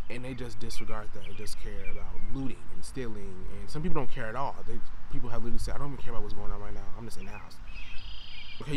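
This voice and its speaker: A young man from Wisconsin speaks casually and directly to his viewers, fired up and blunt. His voice sits a little low. The recording is rough, with steady noise under his talk. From Wisconsin, USA. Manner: impassioned and blunt, talks straight to the viewer. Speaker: vlogger. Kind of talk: casual direct-to-camera vlog.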